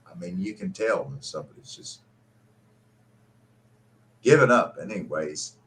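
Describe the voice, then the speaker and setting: A man's voice: deep voice, animated, unhurried, a bit bright. A middle-aged man hosting a live stream, telling a personal story in a profane, emotional and bitter way. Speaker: host.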